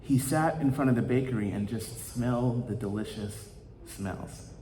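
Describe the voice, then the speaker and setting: A male pastor telling a story in a sermon, in a halting way with many ums and uhs. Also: medium pitch, mellow, roomy sound, in a large hall.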